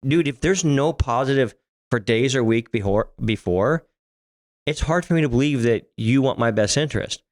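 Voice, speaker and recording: Animated and speaking at normal speed with a medium pitch, a middle-aged podcast co-host chats casually. He's blunt, swears often, and restarts sentences a lot.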